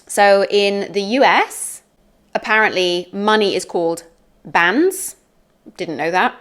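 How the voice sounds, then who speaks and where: A woman's voice: medium pitch, slow pace, fairly bright tone. A British woman teaching an English lesson, explaining words in a chatty, friendly way.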